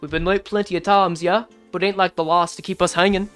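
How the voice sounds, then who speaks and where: A woman voicing a gruff, brash young man in a put-on British-Scottish accent, blunt and slangy. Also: fairly low pitch, fairly even intonation, fairly quick, soft background music, lightly acted. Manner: blunt, slangy, calls people love and bloke.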